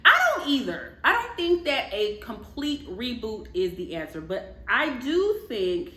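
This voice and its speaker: A woman giving animated, casual gossip commentary to her viewers, laughing often and talking to them directly. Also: a little high, measured pace, echoey room. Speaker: commentary vlogger.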